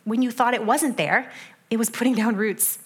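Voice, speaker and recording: A young adult woman giving a sermon in a conversational way, with animated asides that drop into soft, hushed stretches. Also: on the high side, normal speed, husky.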